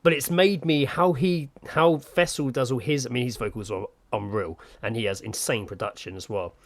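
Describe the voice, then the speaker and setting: A man's voice: mid-range voice, normal speed. Rambling man, casual podcast chat. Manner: rambling, many fillers, enthusiastic. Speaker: podcast co-host.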